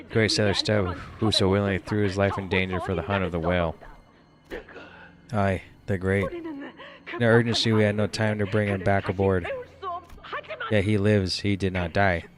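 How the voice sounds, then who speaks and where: A man's voice: sits low, close to an everyday voice. A man voicing a stern, obsessed sea captain who gives grand, commanding speeches.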